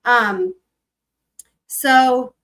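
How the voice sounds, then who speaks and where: A woman hosting a live stream, reading court filings aloud and commenting on them in a chatty, animated way. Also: on the high side, very slow, poor audio. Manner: chatty, animated, breaks into sung snippets.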